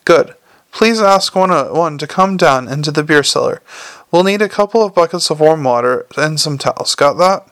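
A man's voice: on the high side, expressive, normal speed, a bit bright, no echo. A man voicing a brusque young female werewolf police sergeant who gives curt commands in an audiobook. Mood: commanding. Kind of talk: audiobook character voice.

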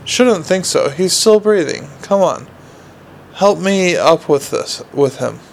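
Male reader doing a soft, fretful watch sergeant. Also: high voice, animated, takes it slowly, creaky, slight background noise, heavily acted, poor audio. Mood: worried. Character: worried middle-aged male watch sergeant.

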